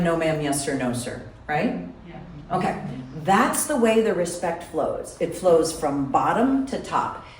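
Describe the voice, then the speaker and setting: A woman telling a personal story to a live audience in a lively, chatty way, often speaking to the crowd directly. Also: on the low side. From Wisconsin. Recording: roomy hall from far off, faint room noise.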